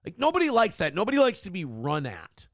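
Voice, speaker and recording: A man's voice: high voice, a little fast, dry recording, clean studio sound. A man in his forties hosting a morning talk show, telling profane, rambling stories in a casual chat style. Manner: profane, animated storytelling.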